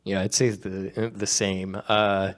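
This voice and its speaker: A man's voice: sits low, little pitch movement, slow pace. A man on a convention panel giving encouraging advice and laughing easily. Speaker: voice actor panelist. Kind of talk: casual convention panel chat.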